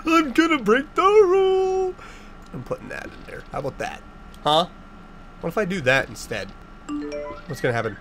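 A man hosting a casual let's-play, joking sarcastically and blurting loud startled reactions. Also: high-pitched, expressive, normal speed, pauses often, soft background music. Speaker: gaming channel host.

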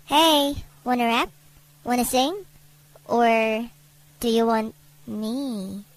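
Cocky teen-boy game hero, voiced by a woman: high, chirpy, goofy fan-dub read. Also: fairly even intonation, extremely slow, poor audio. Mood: playful. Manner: chirpy, goofy, playful line reading. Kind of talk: fan voiceover reading lines.

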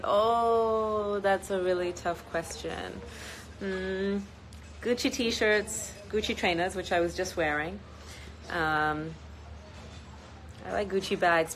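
A woman's voice: on the low side, a little hiss or hum, low-quality recording. A woman chatting casually on a live stream, reading out viewer comments and mixing English with Hindi, with frequent ums. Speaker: singer hosting a live stream. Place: outdoors in sunny Goa.

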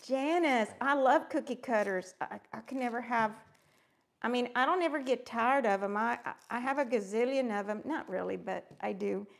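A woman's voice: a little high, moderate pace, creaky. A woman hosting a live crafting stream, chatting in an upbeat, friendly way and greeting viewers by name as she works. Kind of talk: casual live-stream chat while crafting.

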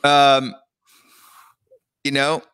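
A young man co-hosting a podcast, rambling and exasperated, with lots of fillers. His voice sits at an ordinary middle pitch. The sound is close and dry, with no room around it. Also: monotone, very slow, fairly bright tone, clean tone, no echo. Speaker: podcast co-host. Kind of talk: casual chat.

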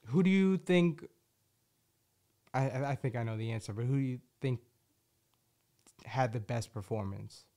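A relaxed man hosting a podcast, chatting loosely with his co-host. He laughs easily and drops casual swears, rambling through his stories at an unhurried pace. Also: medium pitch. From Boston area. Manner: laid-back, laughs often, swears casually. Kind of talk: casual chat.

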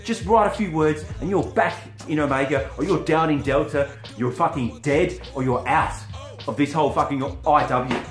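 A man's voice: a little high, normal speed. A man who talks profanely, taunts his rival, and stutters now and then in a wrestling trash-talk promo. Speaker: wrestling character cutting a promo. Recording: roomy with faint music behind.

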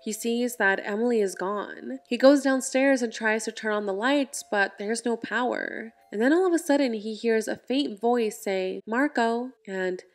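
A woman's voice: on the high side, normal speed, hardly any pauses. Woman casually retelling a film plot. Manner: conversational, steady retelling. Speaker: movie recap narrator.

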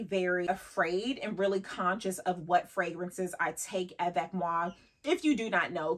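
A woman's voice: medium pitch, a bit bright, slightly rough. A woman in her thirties chatting casually as a lifestyle vlogger, laughing often and dropping in French phrases. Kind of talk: casual vlog chat.

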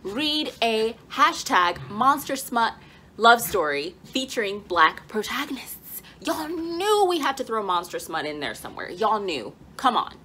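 A woman hosting a casual book vlog at home, playful and animated, often laughing and dropping into stage whispers. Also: on the high side, measured pace, a little hiss or hum. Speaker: book vlogger. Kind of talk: excited casual vlog announcement. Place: home, with dogs nearby.

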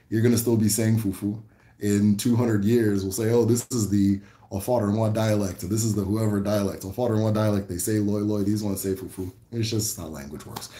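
A man from the American Midwest hosts a casual livestream, answering viewer questions in a relaxed, rambling manner full of fillers and restarts. His voice sits low and the sound is reverberant.

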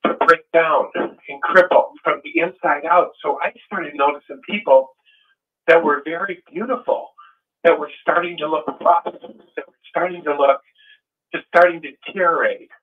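A man's voice: a little high, fairly even intonation, moderate pace. A man in casual conversation, telling his story earnestly and with animation. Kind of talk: casual chat. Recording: tinny phone line.

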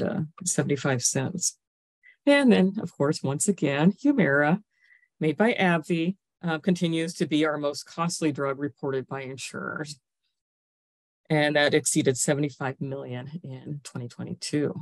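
A woman presenting findings in a webinar over a video call, steady, with occasional fillers. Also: low voice, dry recording.

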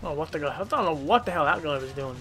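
A man commentating his own gameplay in a casual, rowdy way, swearing freely and bursting into shouts. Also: a little high, expressive, fast.

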